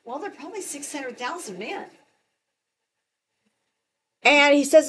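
Woman, Bible teacher, high voice, very lively pitch, emphatic, chatty asides. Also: measured pace, pauses often. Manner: animated, emphatic, conversational asides.

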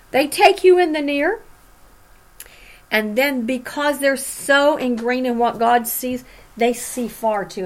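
A woman teaching from the Bible, reading scripture aloud and explaining it with dramatic emphasis. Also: a little high. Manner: animated, dramatic emphasis when reading prophets' cries.

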